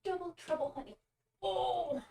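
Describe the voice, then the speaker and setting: High, slow, cooing woman. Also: mellow. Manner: sing-song, cooing talk to pets.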